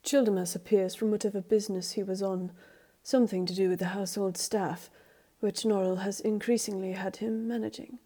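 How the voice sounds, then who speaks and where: A woman reading a story aloud, in a measured, even storybook narration. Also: medium pitch. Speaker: reader.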